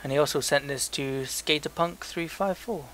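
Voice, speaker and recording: A young man reads listener emails aloud on a casual podcast, joking and stumbling as he goes. His voice is bright and forward. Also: on the high side, normal speed, a little hiss or hum. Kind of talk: casual chat.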